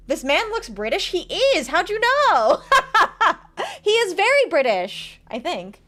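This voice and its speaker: A woman streaming a video game, talking casually and reacting with quick, animated remarks. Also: extremely high pitch. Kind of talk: casual let's-play commentary.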